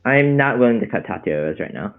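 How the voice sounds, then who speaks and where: A man's voice: mid-range voice, sing-song, brisk, phone-quality sound, faint music behind. A man co-streaming a card game, talking in short, hesitant remarks and reluctantly going along. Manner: hesitant, terse, reluctant agreement. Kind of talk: casual gameplay chat.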